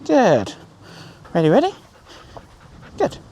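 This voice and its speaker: A man's voice: high voice, huge pitch swings, slow pace, warm tone. A man working as a dog trainer, coaching an owner outdoors on a group walk. He is upbeat and encouraging, with sing-song praise for the dog.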